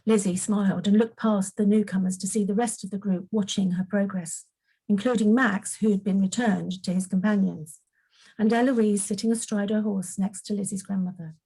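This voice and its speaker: A woman reading her own fantasy story aloud in an unhurried way, now and then correcting a slip. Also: medium pitch, steady tone, mellow, breathy edge, low-quality recording. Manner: unhurried, occasional slips and self-corrections.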